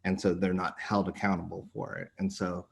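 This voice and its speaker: Earnest low-voiced man guest. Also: little pitch movement, a little fast, gravelly, husky. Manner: earnest, with frequent restarts and fillers. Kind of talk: casual interview talk.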